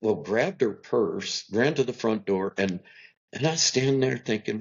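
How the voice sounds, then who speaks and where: A middle-aged man, a podcast guest, tells a long story and acts out every line people said. His voice sits low and sounds husky. The recording is dull and lo-fi. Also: measured pace. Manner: animated storyteller acting out quotes.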